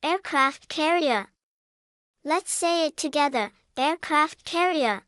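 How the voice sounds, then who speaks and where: A woman narrating a scripted vocabulary lesson for young children, spelling words out slowly and adding playful sound words. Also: sits high, no echo, clean studio sound. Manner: slow, even spelling-out with cheerful sound words. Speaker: vocabulary teacher.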